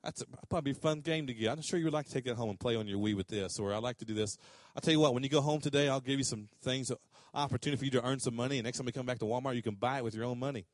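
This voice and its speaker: A man's voice: mid-range voice, very fast, no echo, clean studio sound. A middle-aged man, preaching a sermon in a conversational way that rises to emphatic questions. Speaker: pastor.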